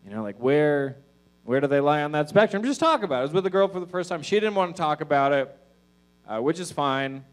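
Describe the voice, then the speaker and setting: A man's voice: a little high, expressive, a little fast. A man doing a stand-up comedy set on stage, with a loose, profane, meandering delivery full of fillers.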